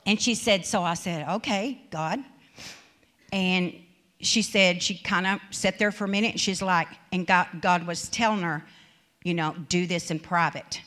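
A woman's voice: on the low side, steady tone, normal speed, a bit bright. A woman preacher giving a sermon in a conversational, storytelling manner, often acting out quoted speech.

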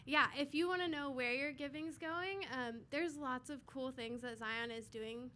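A woman's voice: high voice, unhurried, pushed and bright. A woman giving a casual, rambling testimony and prayer before a church offering, full of fillers.

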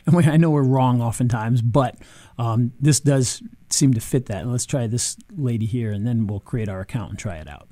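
A man casually reviewing software on screen, chatty, with frequent ums and restarts. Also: medium pitch, moderate pace, no room sound. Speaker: video marketing reviewer.

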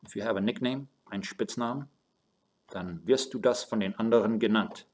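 A man's voice: fairly low pitch, fairly quick, darkish tone. A man teaching a German lesson, explaining step by step and spelling words out as he moves between German and English. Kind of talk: recorded online lesson. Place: home office with a squeaky chair.

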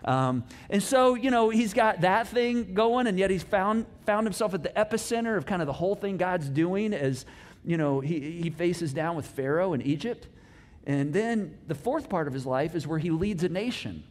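High-voiced man preaching casually. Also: moderate pace. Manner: animated storytelling with playful asides, wide swings in pitch and loudness. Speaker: pastor. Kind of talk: casual conversational sermon.

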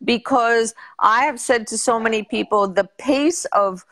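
A woman's voice: a little high, measured pace, fairly bright tone. A woman guest and patient advocate talking candidly and earnestly, often trailing off and restarting. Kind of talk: casual interview chat.

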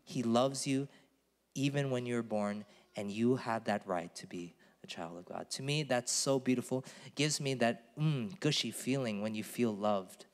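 A man's voice: medium pitch, moderate pace, long reverb tail. A man pastor giving a conversational sermon in a church, earnest and emphatic, at times calling on the congregation to repeat a word.

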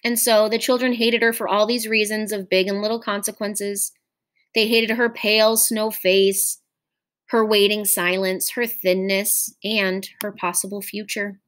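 A woman teacher reading a short story aloud in a measured, expressive storytelling manner. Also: mid-range voice.

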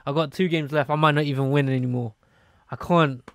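A young man, commentating his own football video game matches and swinging between low mutters and shocked shouts. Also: fairly even intonation, fairly quick, gravelly, no echo. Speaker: gaming YouTuber. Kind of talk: live gameplay commentary.

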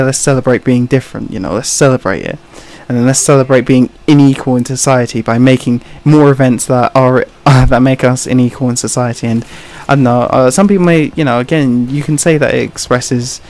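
A man's voice: medium pitch, a little mellow. A man giving casual opinion commentary over gameplay, rambling and hesitant, full of "you know" and "kind of," with awkward laughs between points. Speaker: gaming commentator.

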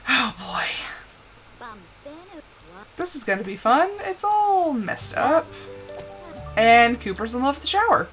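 Young woman streamer, casual game commentary, unhurried, swooping voice, faint background hum. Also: high-pitched, sing-song, fairly bright tone. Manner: chatty, laughs often, talks to the characters. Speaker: streamer playing a life-simulation game.

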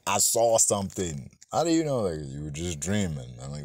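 A man's voice: on the low side, sing-song, brisk, darkish tone, no room sound. A man giving a rambling, profane, casual movie review, full of fillers and self-corrections, acting out bits of dialogue as he goes. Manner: acts out characters' lines in snippets.

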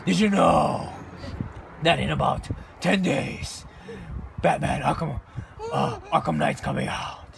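A man's voice: on the high side, slow pace, long pauses, background noise, heavily acted. A man putting on a brooding masked vigilante's voice to play with his baby daughter. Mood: gravelly growl. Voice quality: gravelly growling whisper.

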